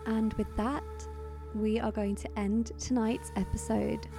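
Woman game master, slightly high voice, gravelly fry, dry and exasperated, descriptive narration. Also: steady tone, measured pace, mellow, soft background music.

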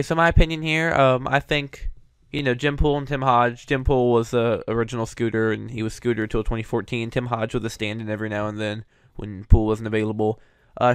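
A man's voice: medium pitch, fairly even intonation, fast talker, clear, resonant tone, no echo. A man hosting, giving casual, hedging commentary on cartoon voice recasts, with frequent fillers. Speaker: host reviewing voice recasts.

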